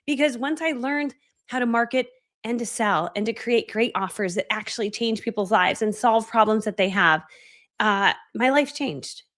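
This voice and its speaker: A woman in her forties, an online course coach, gives a motivational training talk, chatty and self-deprecating, acting out her own past reactions and using fillers like "right?" a lot. Her voice is a little high and a bit bright, at a normal speed.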